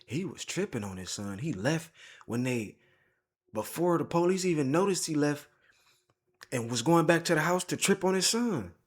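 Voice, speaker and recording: A man's voice: fairly high pitch, lively intonation, normal speed, husky. A man giving casual, slangy reaction commentary, thinking aloud. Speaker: video reactor.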